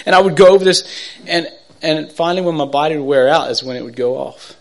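A middle-aged man giving an emotional personal testimony, halting and repetitive, swinging from urgent to hushed. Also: on the high side. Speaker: testimony speaker.

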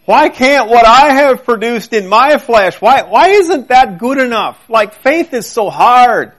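A man's voice: very high-pitched, animated, unhurried, fairly bright tone, pitched above the performer's own voice, heavily acted. A man voicing an aged patriarch who pleads with God in frustration, his voice raised and exasperated. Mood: exasperated pleading.

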